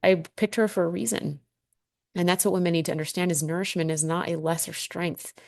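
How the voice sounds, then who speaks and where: A woman's voice: fairly low pitch, steady tone, brisk, creaky, a little mellow, no room sound, studio quality. A woman in her thirties hosting a personal podcast monologue, candid and heartfelt, swearing freely as she reflects. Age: 30s. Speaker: podcast host.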